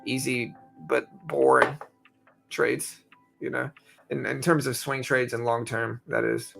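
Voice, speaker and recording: A young man hosting a live trading stream talks loosely and unhurriedly, rambling with many fillers and repeated phrases, all while he has the hiccups. His medium-pitched voice has vocal fry, and music plays in the background.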